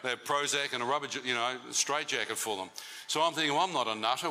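New man, mid-pitched and very bright, animated testimony storyteller at a church talk. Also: quick pace, poor audio. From New Zealand. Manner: animated storytelling with crowd banter. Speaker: speaker giving a testimony.

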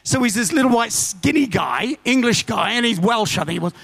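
A male preacher with a fairly high voice for a man. He preaches with lively storytelling, swinging between urgent declarations and chatty asides. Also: a little fast, creaky, husky. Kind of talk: sermon.

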